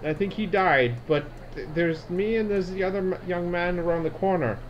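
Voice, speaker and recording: A man voicing a frail, puzzled old woman who answers her door in a high, quavering voice. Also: moderate pace, lightly acted. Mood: befuddled. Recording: slightly dull recording, faint noise.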